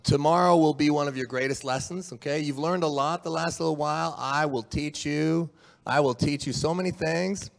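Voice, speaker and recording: A man from Canada trades cocky, playful taunts with a rival at a press event. He speaks a little high and jokes between the threats. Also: normal speed, vocal fry, long reverb tail. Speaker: arm wrestler. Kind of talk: press conference trash talk.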